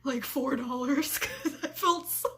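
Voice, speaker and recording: High-voiced giggly young woman storyteller. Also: animated, a little slow, fairly bright tone, slight background noise. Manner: giggly, keeps breaking into laughter; fillers like "like" and "freaking". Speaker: vlogger. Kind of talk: casual storytelling.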